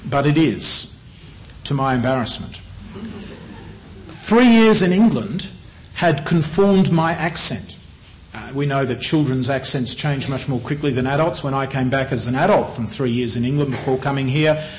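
A middle-aged man with an Australian accent preaching a sermon in a measured, earnest way, often slowing down on key phrases. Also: mid-range voice, a little hiss or hum, low-quality recording.

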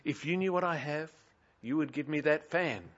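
A man's voice: on the high side, normal speed, a bit bright, close to an everyday voice. A man voicing a cheeky, audacious little old woman who pleads imploringly, on a dull lo-fi recording. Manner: imploring, hand on chest.

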